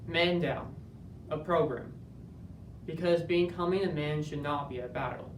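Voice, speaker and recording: A man giving an earnest, measured dramatic interpretation performance that builds to moments of intense emphasis. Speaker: speech competitor. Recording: roomy, distant, faint rumble.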